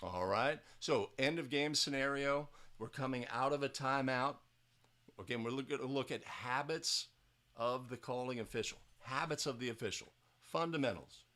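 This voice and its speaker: A man's voice: mid-range voice, moderate pace, sharp tone. A man acting as a basketball officiating instructor. He breaks down game footage in a casual teaching style, often tagging his points with "right?" and restarting his sentences.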